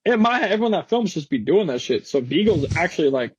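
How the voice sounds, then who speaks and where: A man's voice: fairly high pitch, big pitch swings, fast talker, breathy edge, highs cut off. A young man in his twenties, a guest skateboarder telling stories in casual, slangy, swearing chat in a podcast studio. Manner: slangy, swearing, laughing storyteller.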